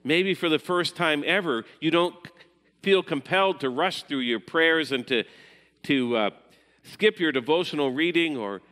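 A man preaching a sermon as pastor, measured in delivery and sometimes dropping to a hushed voice. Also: fairly high pitch, in a large hall.

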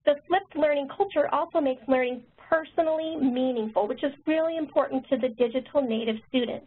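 A woman nurse educator and author who talks quickly, presenting a webinar. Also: high voice. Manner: fast-talking. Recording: tinny phone-line webinar audio.

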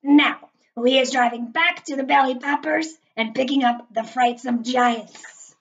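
Woman doing a big friendly old giant, booming and goofy-grammared, kinda muffled audio. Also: a little slow. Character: big friendly old male giant, gentle and odd-spoken.

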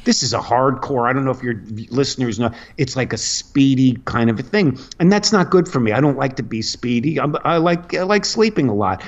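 A male comedian telling rambling anecdotes full of restarts and sudden pitch jumps, as a radio guest. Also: animated, a little fast, hardly any pauses. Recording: lo-fi radio studio audio.

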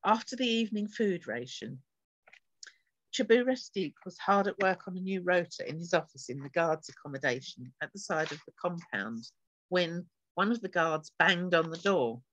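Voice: medium pitch, animated, moderate pace, fairly bright tone, lo-fi sound. An author reading an extract from her own science fiction novel aloud, giving the characters light changes of voice.

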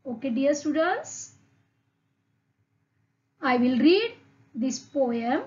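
A woman's voice: high voice, big pitch swings, very slow, darkish tone, dull audio. A woman with an Indian English accent teaching an online English lesson to young children. She repeats words one by one and keeps asking the class questions. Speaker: primary school English teacher.

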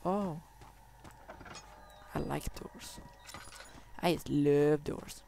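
A man's voice: fairly high pitch, steady tone, drawn-out words, vocal fry, warm tone. A young man commentating a horror game, taunting the monsters, swearing and yelping when scared, then whispering while he sneaks. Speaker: gameplay commentator. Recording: noisy home mic recording.

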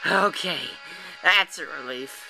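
A man narrating his video game playthrough as a let's play host, excitable and quick to gasp and exclaim at what happens on screen. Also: a little high, faint music behind. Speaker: gaming channel host.

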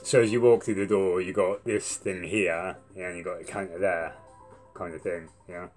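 A young man with a low voice tells a long, rambling story, swearing freely as he goes. Faint music sits quietly under his voice. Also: moderate pace. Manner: swears a lot, rambling and animated when retelling. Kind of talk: casual storytelling monologue.

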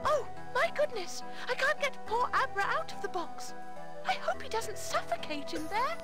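An actress voicing a worried young girl character in a game, gentle and fretful. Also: very high-pitched, sing-song, moderate pace, over loud music.

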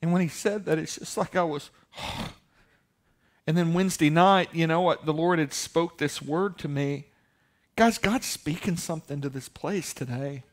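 High-voiced pastor preaching a sermon. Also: male voice, measured pace. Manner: storytelling, building to loud emphatic preaching.

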